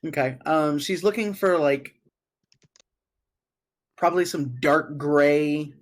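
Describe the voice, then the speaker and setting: A player in a tabletop game, speaking hesitantly with many pauses and ums. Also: medium pitch. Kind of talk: casual game chat.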